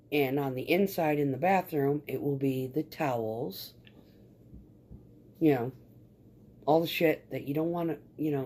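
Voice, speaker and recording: A woman's voice: low-pitched, dark tone, husky. A woman chatting casually in a vlog about remodeling her home, rambling and swearing freely. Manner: rambling and profane.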